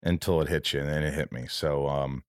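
Podcast host, male, very low voice, dry close sound, rambling and emotional. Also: fairly even intonation, clear, resonant tone, no room sound. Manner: emotional, rambling, does quick voices of friends. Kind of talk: casual chat.

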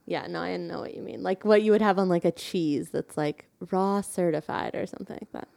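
A woman's voice: lowish voice, fairly quick, vocal fry, mellow. A woman co-hosting a podcast, chiming in casually with short suggestions. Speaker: podcast co-host. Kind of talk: casual conversational chat.

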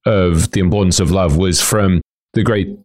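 A man's voice: deep voice, normal speed, darkish tone. A man with a British accent hosting an interview podcast, thoughtful and reflective as he asks questions. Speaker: podcast host. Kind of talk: casual interview conversation.

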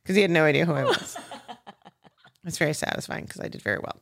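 A woman, a comedian and podcast guest, telling animated anecdotes in casual chat, laughing often and acting out the voices of the people in her stories. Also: low voice, fast talker, long pauses.

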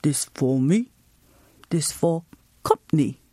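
A woman voicing an elderly Chinese grandfather who is gruff but affectionate and speaks slow, halting, broken English. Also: mid-range voice, big pitch swings, mellow, slight background noise, full character voice. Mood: doting.

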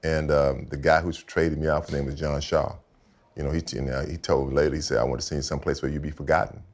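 An older man, a retired football player, talking casually as a podcast guest and telling animated stories, repeating himself for emphasis. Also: extremely low pitch, quick pace. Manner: animated storyteller, repeats himself, acts out quotes. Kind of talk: casual storytelling chat. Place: house set for a podcast.

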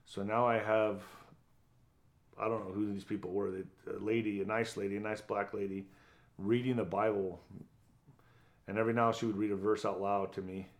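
A man's voice: lowish voice, level tone, normal speed, long pauses. A middle-aged man, a former boxer, telling his story bluntly and profanely in an interview, acting out what others said. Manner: blunt, profane, vivid retelling with acted quotes.

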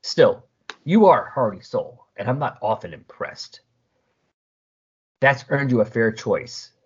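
A man voicing a smug, cruel male demon overlord who speaks slowly and mockingly. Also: medium pitch, sing-song, husky, full character voice. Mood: gloating. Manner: slow, mocking, falsely sorrowful. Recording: dull lo-fi recording.

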